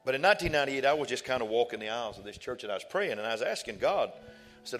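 A man's voice: mid-range voice, expressive, very fast, fairly bright tone. A man, a pastor telling a personal story in a sermon with folksy, emphatic repetition. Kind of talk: sermon testimony. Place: church sanctuary. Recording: church hall reverb with faint music.

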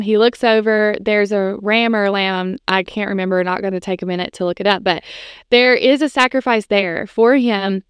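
This woman in her thirties hosts a podcast, her medium-pitched voice clear and resonant over a dry, clean studio recording. She tells a personal faith story in a chatty way, often saying "like" and "you know."

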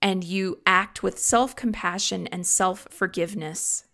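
Earnest woman with a creaky voice. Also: mid-range voice, a little slow. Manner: earnest, personal, gently confiding. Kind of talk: reflective solo talk.

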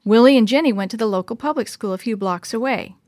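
A woman reads a children's chapter book aloud in a gentle, child-directed storyteller voice. Her voice is fairly high, and the sound is close and dry. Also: fast, dry recording.

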